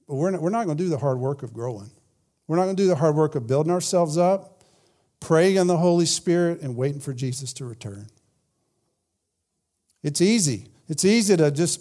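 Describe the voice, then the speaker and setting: A man's voice: a little high, normal speed, warm tone. A man preaching a sermon in a conversational way, often repeating words and saying "man". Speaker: pastor.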